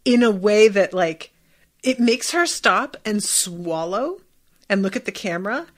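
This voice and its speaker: A young adult woman hosting a podcast, chatting excitedly about a TV episode, swearing freely and leaning on lots of "like" fillers. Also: mid-range voice, a little slow. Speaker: podcast host. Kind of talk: casual commentary on a TV episode.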